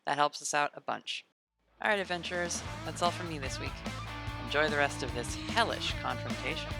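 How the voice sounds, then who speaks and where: Gravelly-voiced woman game master. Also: low voice, lively intonation, fairly quick, loud music behind the voice. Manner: chatty, lots of fillers. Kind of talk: narrating a tabletop game podcast.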